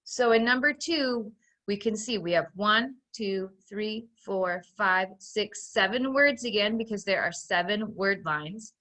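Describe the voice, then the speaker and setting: Bright-toned woman teacher, phonics video for little kids, slow careful sentence reading, patient. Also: mid-range voice. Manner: slow, clearly sounding out dictated sentences; patient, guiding step by step. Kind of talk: recorded phonics lesson for young children.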